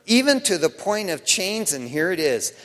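Middle-aged male pastor with a high voice, casual and emphatic, preaching with long hall reverb. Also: sing-song, normal speed, fairly bright tone. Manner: casual, emphatic preaching with frequent "man" and "you know". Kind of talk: sermon.

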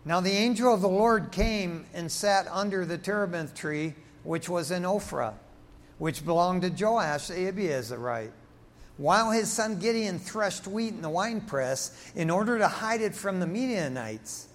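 A man preaching a sermon, animated and acting out voices from Bible stories. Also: sits high, a little slow. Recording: long reverb of a large hall.

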